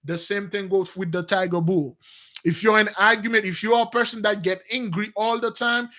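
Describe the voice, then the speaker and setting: A man preaching in an animated, free-wheeling monologue. His voice sits high and bright, jumping from loud bursts to hushed mutters. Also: brisk. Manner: animated, swings between loud outbursts and low mutters. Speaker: spiritual teacher.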